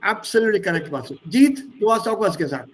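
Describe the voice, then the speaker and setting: A man teaching a German class on a video call, explaining grammar in an animated way. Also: sits high, fast talker, a little hiss or hum. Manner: animated, explaining, switching between English and German. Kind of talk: online language lesson.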